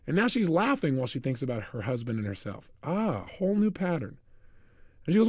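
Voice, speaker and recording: A man giving a motivational talk, telling energetic stories and acting out the dialogue. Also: a little high, fast, no echo, studio quality. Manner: energetic, storytelling, acts out dialogue. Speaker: motivational speaker.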